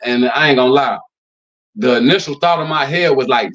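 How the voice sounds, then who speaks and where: A man's voice: brisk, a bit bright. Blunt profane man ranting casually. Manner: blunt, loose and profane, lots of fillers; acts out quotes in a higher voice. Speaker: commentary channel host. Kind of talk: casual commentary rant. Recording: slightly dull lo-fi recording.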